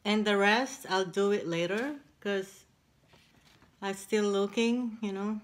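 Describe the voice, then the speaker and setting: A woman chatting casually in a mukbang video, pausing to eat between halting words. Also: mid-range voice. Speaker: eating-show vlogger.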